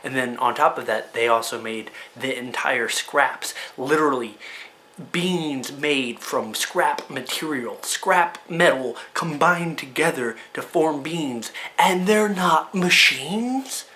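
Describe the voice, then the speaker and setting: A man ranting to camera in a casual opinion video, firing off exasperated rhetorical questions and talking fast in bursts. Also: medium pitch, pushed and bright, a little hiss or hum. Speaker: card game video creator.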